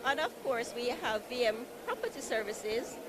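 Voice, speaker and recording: A woman pitches home loans at a conference marketplace booth. Her voice sits a little high and she keeps stressing how easy and convenient it all is. Loud floor noise runs behind her. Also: expressive, moderate pace. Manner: upbeat, persuasive, repeats easy and convenient. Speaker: building society representative. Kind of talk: sales pitch at an expo booth.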